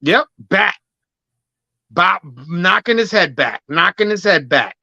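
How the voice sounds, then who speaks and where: A man co-hosting a sports podcast, giving measured, analytical comments in casual talk. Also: sits high, animated, creaky, sharp tone, dry recording, lo-fi sound. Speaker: podcast co-host.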